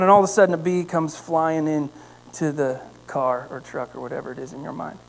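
A man preaching a sermon as pastor, telling a story with lively emphasis and then praying quietly. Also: a little high, rough recording. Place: church sanctuary.

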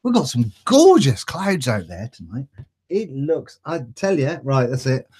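A man's voice: medium pitch, very animated, a little slow, a little mellow, slightly rough. A man hosting a casual live stream, reading out viewer greetings in a chatty, self-mocking way and stumbling over names. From East Anglia. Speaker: vaping channel host.

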